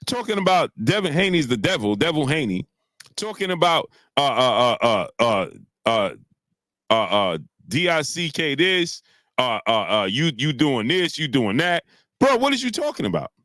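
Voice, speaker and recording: A man's voice: medium pitch, sing-song, a little slow, fairly bright tone, no room sound. Heated man ranting on a live stream. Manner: heated, repetitive, many filler "uh"s. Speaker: boxing commentary host. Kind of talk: live-stream commentary, greeting chat viewers.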